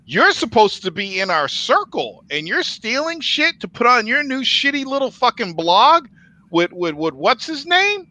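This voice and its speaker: A man hosts a casual podcast and tells his story with plenty of cursing and animation. His voice sits high and bright. The sound is close and dry, with no room around it. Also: sing-song, measured pace, dry recording, low-quality recording. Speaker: podcast host.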